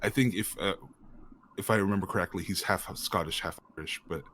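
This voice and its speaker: A man's voice: sits low, a little fast, a bit bright, a little hiss or hum. A man being interviewed as an actor guest, talking in a rambling, casual way with many fillers and frequent laughter.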